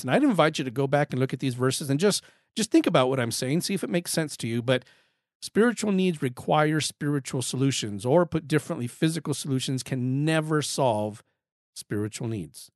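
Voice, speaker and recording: A man's voice: medium pitch, no echo, studio quality. A man giving a Bible study lesson, talking earnestly and emphatically, often repeating words as he drives a point home. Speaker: Bible teacher. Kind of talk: Bible study teaching talk.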